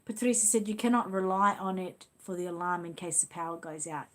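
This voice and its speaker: A woman's voice: fairly low pitch, a little fast. A woman from Australia with an Australian accent, hosting a casual live stream and chatting as she reads out viewer comments. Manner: chatty, reads comments aloud and reacts with small laughs. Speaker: channel host reading viewer comments.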